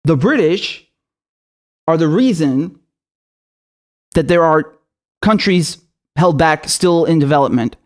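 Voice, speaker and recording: A young man in full fury, ranting on his own political show. He swears constantly and throws accusing questions at his targets, his voice pitched high for a man and tight with anger. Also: lively intonation, takes it slowly, pauses often. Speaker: political commentator. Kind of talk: angry political rant.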